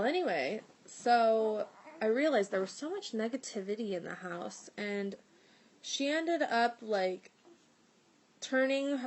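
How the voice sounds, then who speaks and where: A young woman telling a personal story in a loose, chatty way. Her voice sits in a middle pitch for a woman, and she fills her sentences with fillers. She jumps up into lively exclamations whenever she quotes what someone said. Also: poor audio. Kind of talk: casual storytelling.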